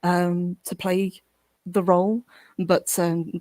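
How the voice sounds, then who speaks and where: A British woman on a movie podcast, talking in a measured, informative way with frequent giggles. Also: lowish voice, level tone, mellow, dry recording. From Britain. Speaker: podcast co-host. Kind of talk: casual movie discussion.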